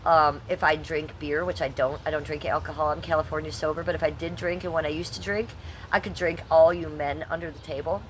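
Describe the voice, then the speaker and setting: A woman in her fifties with a low-pitched voice reads her live-stream chat aloud, answering bluntly and combatively and cursing at hecklers. The background is noisy.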